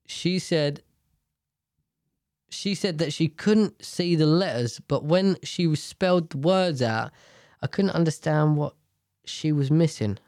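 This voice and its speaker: A man's voice: a little high, slow, darkish tone, no echo, studio quality. A man reads posts aloud and reacts with blunt, profane, jokey asides. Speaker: streamer reading posts.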